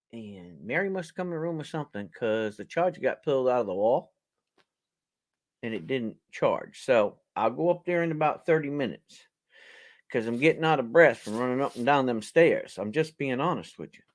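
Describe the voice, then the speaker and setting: A man, a preacher hosting a charity live stream from home, rambling and joking and laughing at his own lines. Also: medium pitch. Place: home, indoors.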